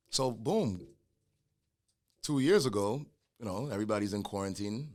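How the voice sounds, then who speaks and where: A middle-aged man, a guest telling his own story in a casual conversation, animated and acting out the voices of people he quotes. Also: lowish voice, moderate pace, long pauses. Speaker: guest, clothing brand founder.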